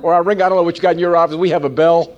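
A man in his forties giving a sales training seminar to a live audience, animated and folksy, often turning to ask the room questions. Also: fairly high pitch, rapid-fire, muffled recording.

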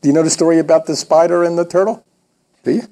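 A man's voice: a little high, fairly even intonation, fast talker, creaky, warm tone. A man giving a motivational sales training talk in a folksy, emphatic way, addressing the audience directly.

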